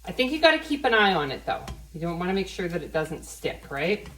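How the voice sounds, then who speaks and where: A woman's voice: on the low side, very animated, fairly quick, a bit bright. Chatty woman vlogging in an echoey kitchen. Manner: chatty, self-deprecating, thinks aloud. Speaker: vegan cooking vlogger. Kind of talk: casual cooking vlog. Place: home kitchen. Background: frying and sizzling from the pan.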